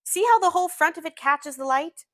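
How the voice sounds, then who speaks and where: A woman's voice: very high-pitched, lively intonation, a little fast, a bit bright, pitched above the performer's own voice. A woman reading aloud as a fretful, grandiose young rich man, moving from urgent worry to beaming delight. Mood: elated.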